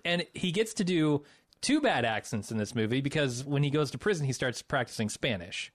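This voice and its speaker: A man's voice: mid-range voice, animated, brisk, no echo. Give me a sardonic man co-hosting a movie podcast, dry and close, cursing freely. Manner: sardonic, swears freely, laughs easily. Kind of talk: casual movie-review chat.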